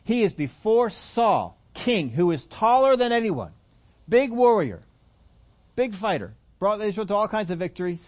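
A man with a slightly high voice delivers a sermon. He tells the scripture story with animation and slips into the characters' voices as he goes. The recording sounds dull and lo-fi. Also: sing-song, normal speed. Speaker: preacher.

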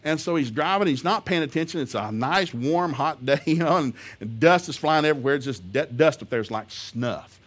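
A man tells a funny story with a lively, bright voice that rises and falls a lot. He laughs often at his own tale and keeps the energy up. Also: on the high side, fairly quick, few pauses. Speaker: speaker. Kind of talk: humorous storytelling.

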